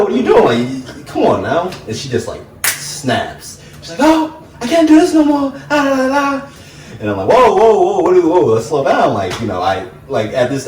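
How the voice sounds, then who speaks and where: A young man, an interview guest telling a personal story in a relaxed, reflective way, full of "like" fillers. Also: low voice, distant mic. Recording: echoey room, mic set back, faint hiss.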